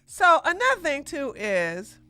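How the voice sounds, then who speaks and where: A woman hosts a livestream podcast in loose, casual commentary, her bright voice swinging widely in pitch. She takes her time, laughs easily and gives blunt opinions, pausing to thank viewers for donations. Faint music plays underneath. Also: huge pitch swings, no room sound. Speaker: podcast host.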